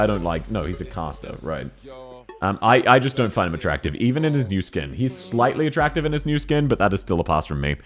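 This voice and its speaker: A young man casually chatting on a livestream, frank and quick to laugh, answering his viewers while he has the hiccups. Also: on the low side. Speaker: streamer.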